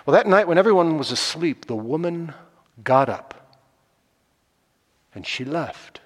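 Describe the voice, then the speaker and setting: A man telling a folk tale, slow and deliberate, swinging from loud passages to hushed ones. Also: a little high, expressive. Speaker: storyteller. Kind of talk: oral storytelling. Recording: long hall reverb.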